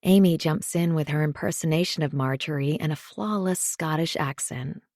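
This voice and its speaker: A woman narrating a thriller audiobook in the first person, measured and understated. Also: low-pitched, a little mellow, no room sound, clean studio sound.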